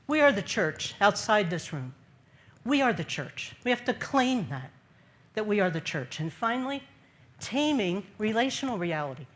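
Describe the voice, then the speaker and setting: A woman with a fairly high, slightly bright voice speaks at a church gathering, delivering an earnest faith talk to an audience in a large room. She repeats key phrases and poses questions to her listeners.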